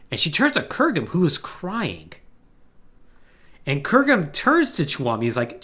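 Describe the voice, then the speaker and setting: A man's voice: fairly high pitch, moderate pace. Guy on a gaming podcast recapping a story, voice jumps all over, acts out the lines. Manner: animated storytelling, acting out quoted lines. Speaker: podcast host.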